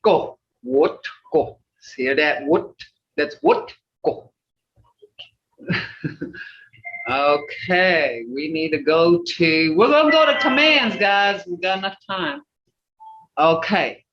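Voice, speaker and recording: An older woman teaching an online language class, patiently repeating words slowly for her learners. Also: on the low side, expressive, a bit bright, far from the mic. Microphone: video call. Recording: roomy lo-fi video call audio from off-mic.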